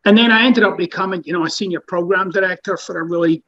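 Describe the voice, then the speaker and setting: Gravelly Scottish man, blunt talk. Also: high voice, fast talker, sharp tone, lo-fi sound. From Scotland. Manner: blunt, plain-spoken, swears casually. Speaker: guest author and coach. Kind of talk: relaxed interview storytelling.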